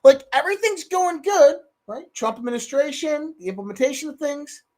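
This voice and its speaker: A man hosting a casual political commentary show, animated and swearing freely. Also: very high-pitched, moderate pace. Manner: animated, swears freely, mimics others in raised voice. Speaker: podcast host.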